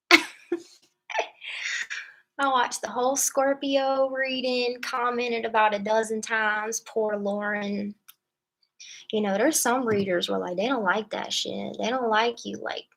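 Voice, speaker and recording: Slow bright-voiced woman, playful and slangy. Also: on the high side, creaky, low-quality recording. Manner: playful, slangy, chatty, laughs often. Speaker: live-stream tarot reader. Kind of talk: casual live-stream chat with viewers. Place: hotel room.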